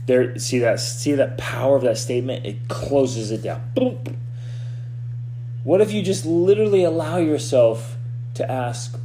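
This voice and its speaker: A man hosting a podcast as a coach, giving a motivational talk in an animated way, often restarting and repeating words. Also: mid-range voice, normal speed, slight background noise.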